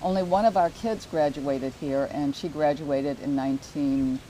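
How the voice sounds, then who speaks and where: An older woman talks in an earnest, community-minded way, hosting a casual local show. Her voice sits low and mellow. A faint hiss runs under the recording. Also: moderate pace, rough recording. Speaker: real estate show host. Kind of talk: casual promotional chat.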